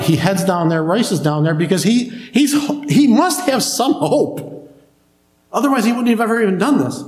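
A man preaches to his congregation, retelling scripture in a relaxed, conversational way and stopping to put questions to the room. His voice sits a little high for a man. The sound echoes through a church hall. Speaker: pastor. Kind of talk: sermon.

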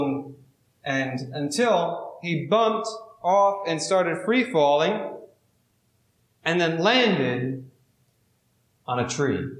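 A man preaching a sermon, reading scripture and then telling a story in a measured, drawn-out way with dramatic pauses. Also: a little high, fairly bright tone, echoey room, rough recording. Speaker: pastor.

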